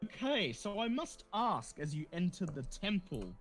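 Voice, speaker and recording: A man's voice: sits high, big pitch swings, measured pace, faint music behind. A man narrating a tabletop game as game master, with descriptive storytelling and some hesitation.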